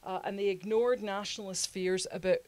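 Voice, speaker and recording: A woman hosting a history show, explaining the past in a lively, conversational way with frequent laughs. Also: medium pitch, fairly quick. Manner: lively, laughs often, acts out quotes in funny voices.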